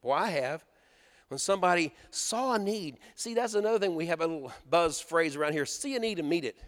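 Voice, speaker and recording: Pastor, man, high and animated delivery, folksy sermon in a reverberant church hall. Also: fairly quick. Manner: folksy, storytelling, rhetorical questions to the congregation.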